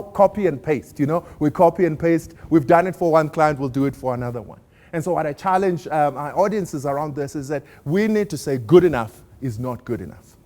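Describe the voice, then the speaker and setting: Man, motivational speaker, fairly high voice, storytelling, playful audience questions. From South Africa. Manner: storytelling, warm humor, asks the audience questions. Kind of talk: inspirational keynote talk.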